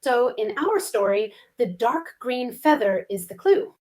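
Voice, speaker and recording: High, lively curious female co-host. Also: a little slow. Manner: curious and eager, asks many questions. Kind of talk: scripted lesson dialogue for English learners.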